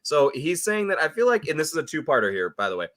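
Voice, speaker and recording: A man with a bright, forward voice and a lively, varied pitch. He lays out his views earnestly and in long stretches, with lots of "like" as he talks. It sounds like a relaxed chat between friends. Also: fast. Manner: earnest, explains his points at length. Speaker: podcast panelist. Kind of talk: casual group chat.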